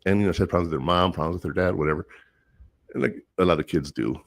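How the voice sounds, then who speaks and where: Low-voiced man telling earnest stories. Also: fast, gravelly, no room sound, clean studio sound. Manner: rambling, earnest storytelling with many fillers. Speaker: teacher and counselor. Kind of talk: casual monologue.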